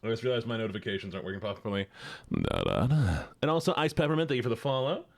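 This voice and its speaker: A man streaming a game live, excitable and chatty, thanking viewers as he plays. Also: fairly low pitch, rapid-fire, creaky.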